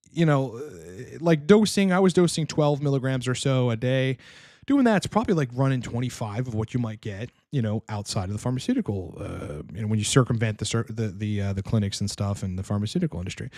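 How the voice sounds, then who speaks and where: A man's voice: mid-range voice, darkish tone, no room sound, studio quality. A man coaching on fitness, answering audience questions in a casual monologue, blunt and profane and rambling with frequent restarts.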